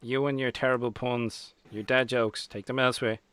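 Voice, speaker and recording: A man's voice: mid-range voice, flat delivery, normal speed, fairly bright tone, clear, resonant tone. A young Irish man hosting a casual live chat, joking and teasing his guest. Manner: jokey, teasing banter. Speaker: host.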